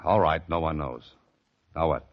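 An actor playing a tough, wisecracking American adventurer with a dry, hard-boiled delivery, in 1940s radio acting. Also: male voice, rumbling low, normal speed. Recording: muffled old radio recording with music.

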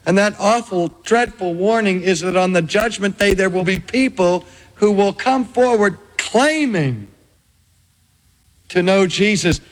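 Male preacher, high voice, slow deliberate delivery, echoing hall; sermon read. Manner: slow, dramatic emphasis with long pauses. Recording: long hall reverb.

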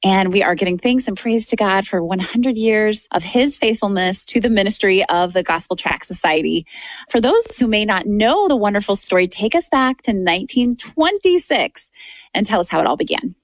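A woman's voice: medium pitch, lively intonation, moderate pace, no room sound. A woman hosting a Christian radio interview program, reading scripted introductions.

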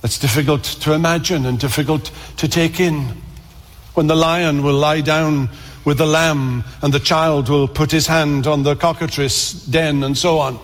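A man preaching a sermon in earnest tones, repeating words and slowing down for emphasis. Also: a little high, fairly even intonation, big-room sound.

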